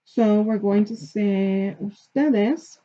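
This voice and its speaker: A woman's voice: mid-range voice, slow, mellow. A woman teaching a grammar lesson, explaining patiently step by step and checking in with her listeners. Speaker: Spanish teacher. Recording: dull lo-fi recording.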